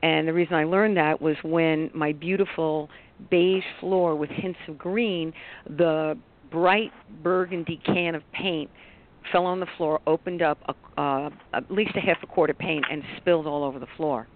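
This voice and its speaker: Lady life coach calling into a radio show, tinny phone sound, chatty and animated, rambles on. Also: sits low, normal speed. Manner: animated, rambling storyteller with bursts of excitement. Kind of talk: radio talk show chat.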